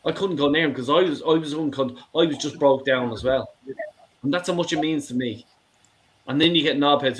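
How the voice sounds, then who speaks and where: A middle-aged man calls in to a show for a heated rant, passionate and swearing as he stumbles over repeated words. His voice is fairly high pitched and brisk.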